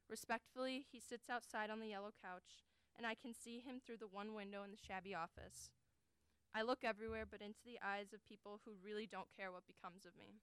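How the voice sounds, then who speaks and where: A young adult woman giving an earnest, deliberate dramatic reading of first-person prose as a college forensics performer. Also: medium pitch, a bit bright, clean tone, dry recording. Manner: earnest, deliberate, emotionally weighted delivery.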